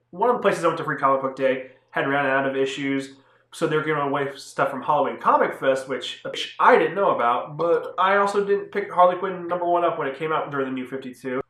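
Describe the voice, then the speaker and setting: A man's voice: mid-range voice, fairly bright tone. A young man casually reviewing comic books on his channel, talking loosely with lots of fillers and restarts. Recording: echoey room.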